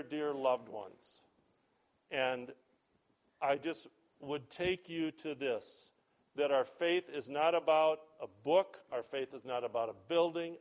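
A man preaching a sermon, reading scripture and breaking off into plain asides to the congregation. He speaks in a measured, emphatic way and slows down on key words. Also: medium pitch. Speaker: pastor.

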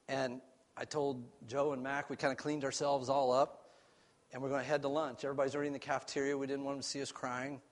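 A man preaching a sermon as a pastor, telling a story earnestly and swinging between raised and hushed passages. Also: medium pitch.

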